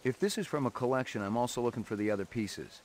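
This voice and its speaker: An actor playing a terse, wary male detective in a video game, asking clipped, flat questions. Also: mid-range voice, fast, natural voice. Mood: dry.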